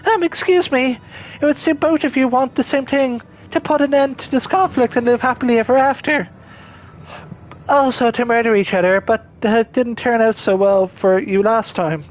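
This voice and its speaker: A man's voice: very high voice, fairly even intonation, moderate pace, pitched above the performer's own voice, poor audio. A man voicing a precise, formal male machine unit that runs a cafe, reading game dialogue in clipped, clinical phrasing. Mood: polite.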